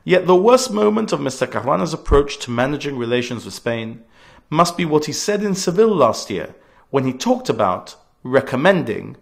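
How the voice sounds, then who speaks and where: A man's voice: a little high, big pitch swings, normal speed, gravelly. A man of about forty, giving a scripted political radio address in an earnest, emphatic way, leaning hard on key words. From Gibraltar.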